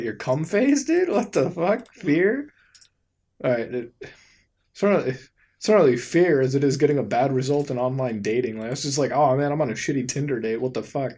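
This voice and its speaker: This host keeps up a casual commentary while browsing websites, rambling, swearing freely, and often bursting into high-pitched laughter. His voice is a little mellow.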